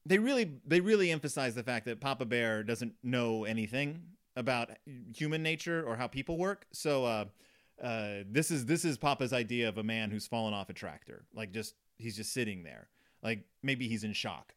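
Animated sardonic man reviewing a book. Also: medium pitch. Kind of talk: casual comedic commentary.

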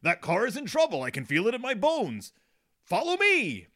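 A man's voice: very high-pitched, wildly swooping pitch, normal speed, pushed and bright, pitched above the performer's own voice, full character voice. A man voicing an overconfident, bossy male cartoon papa bear. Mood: bold.

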